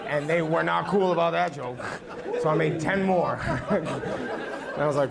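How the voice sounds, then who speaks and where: A man's voice: a little high, moderate pace, gravelly. Brash profane man doing stand-up. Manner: profane, brash, teasing the audience. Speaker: stand-up comedian. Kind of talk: stand-up set with crowd work. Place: small comedy club. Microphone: handheld microphone. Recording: noisy live club with loud crowd. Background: audience laughter.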